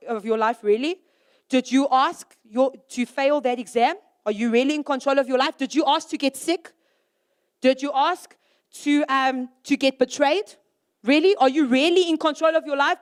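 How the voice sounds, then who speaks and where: Speaking to young people in a sermon style, this high-voiced young woman keeps things lively and conversational. She peppers the crowd with rhetorical questions and briefly acts out little scenes.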